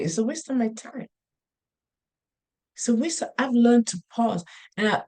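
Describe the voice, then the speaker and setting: Slow-talking woman, earnest storyteller. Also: lowish voice, a little mellow. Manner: unhurried, earnest, storytelling with many restarts. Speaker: motivational speaker. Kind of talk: casual motivational talk.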